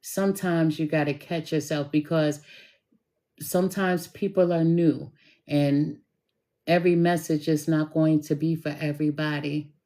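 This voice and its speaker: A woman's voice: deep voice, fairly even intonation, a little slow, dark tone. A middle-aged woman, a tarot reader, telling stories in a chatty way, full of fillers and retold dialogue. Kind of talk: casual storytelling monologue.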